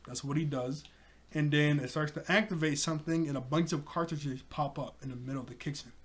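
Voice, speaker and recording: A man with a slightly raised voice talks through a cartoon episode he just watched. He rambles excitedly and stacks up fillers as he retells scene after scene in a loose, casual recap. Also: on the high side, brisk. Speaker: TV episode reviewer.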